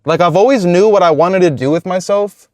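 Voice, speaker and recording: A man's voice: high-pitched, brisk, no echo. Laid-back cursing young man storytelling. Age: 20s. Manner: laid-back, profane, slangy. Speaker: YouTuber. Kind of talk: casual storytelling vlog.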